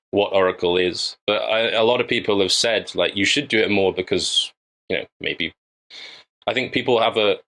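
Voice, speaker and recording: A man's voice: sits low, a bit bright, low-quality recording. A man from England, a filmmaker guest, talking casually over a video call and thinking aloud with many fillers and restarts. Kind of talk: casual interview chat.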